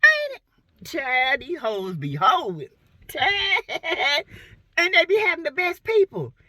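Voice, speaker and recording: A woman's voice: very high voice, huge pitch swings, takes it slowly, pushed and bright, no echo. A woman from South Carolina giving blunt, sassy gossip commentary on reality TV. She talks to her viewers in a playful, exclamatory way.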